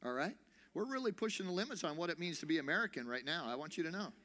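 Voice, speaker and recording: Bright-voiced preacher addressing a congregation. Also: male voice, fairly high pitch, fast. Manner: lively, addresses the congregation directly with questions. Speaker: pastor. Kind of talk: sermon. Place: church.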